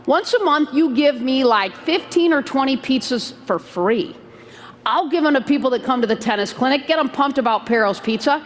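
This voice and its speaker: A woman giving a motivational keynote talk, telling a story in a lively, conversational way and acting out the dialogue. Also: high voice, moderate pace. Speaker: keynote speaker. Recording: long hall reverb, faint noise.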